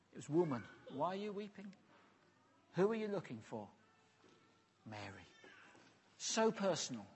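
A man preaching an earnest, pastoral sermon, often letting his phrases fall soft and low at the end. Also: breathy edge. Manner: earnest, pastoral, drops softly at phrase ends.

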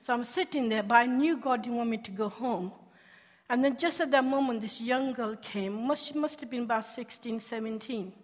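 A woman telling her conversion-mission testimony as a sermon, animated and laughing often, asking her listeners questions. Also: a little high, normal speed. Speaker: speaker sharing a testimony. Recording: long hall reverb.

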